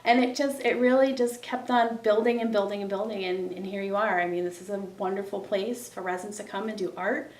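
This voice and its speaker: A woman's voice: medium pitch, steady tone, fairly quick, hardly any pauses. A woman working as a recreation therapist, talking in a casual interview with many ums and restarts. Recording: roomy sound from a distant mic, soft music under.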